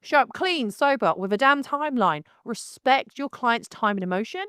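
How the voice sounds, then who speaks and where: Animated woman photographer telling stories. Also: on the high side, moderate pace, clean tone, no echo, studio quality. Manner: animated, exclaiming, laughs through the story. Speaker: wedding photographer, channel host. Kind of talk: casual storytelling and rant to camera.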